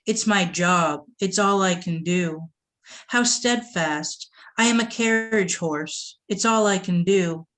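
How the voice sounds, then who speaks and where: A woman from the Boston area reading her poems aloud at a poetry event, with a measured delivery and short asides to the audience. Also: on the low side, a bit bright. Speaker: poet reading her work.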